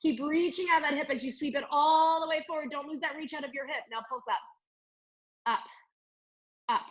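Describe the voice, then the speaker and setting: A woman with a fairly high voice leads a live Pilates class, calling out counts and cues with upbeat energy. She sounds a little strained, as she does the moves herself. The stream audio is slightly dull and lo-fi. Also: normal speed. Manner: upbeat counting and cueing while doing the moves. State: strained from exercising along. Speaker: Pilates instructor. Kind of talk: live online fitness class cueing.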